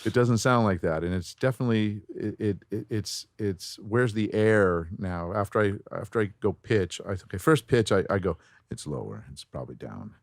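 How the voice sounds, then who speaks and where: A middle-aged man, a voice actor, chatting in an interview and breaking into quick voice demos as he explains. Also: on the low side, dry recording, clean studio sound. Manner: animated, demonstrates voices while explaining. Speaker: voice actor guest. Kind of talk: casual interview chat.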